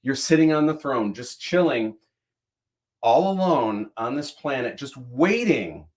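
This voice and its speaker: A man hosting a livestream, chatting casually, rambling through animated opinions full of fillers and restarts. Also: medium pitch, a little slow. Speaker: livestream host. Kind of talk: casual chat.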